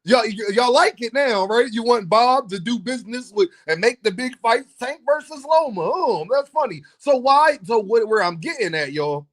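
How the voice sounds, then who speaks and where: A man's voice: very high-pitched, lively intonation, moderate pace, hardly any pauses. A man hosting a casual boxing commentary vlog, playful and teasing, laughing often and talking straight to his viewers.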